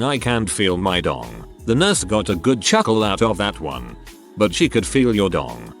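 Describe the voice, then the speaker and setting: A man reading forum stories aloud as the channel's narrator, reading out stray punctuation and usernames. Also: fairly low pitch.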